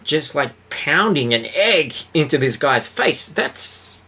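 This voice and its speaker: A man's voice: fairly high pitch, very animated, slow, pushed and bright, slightly rough. A man hosting a podcast, chatting casually and jokily about a book and its film, with a lot of fillers. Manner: rambling, jokey, lots of fillers. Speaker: podcast host.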